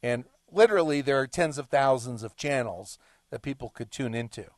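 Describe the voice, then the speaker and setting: Middle-aged guy hosting a talk show, slow lecturing monologue, dead dry room, mid pitch. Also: no echo. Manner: deliberate, emphatic, lecturing delivery. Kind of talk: monologue commentary.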